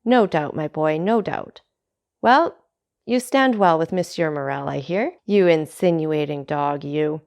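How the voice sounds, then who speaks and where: A woman's voice: sits low, expressive, unhurried, creaky, darkish tone, exaggerated voice. A woman reading aloud, voicing a greedy, fawning young male tailor who talks in a hearty, ingratiating way, in a storybook.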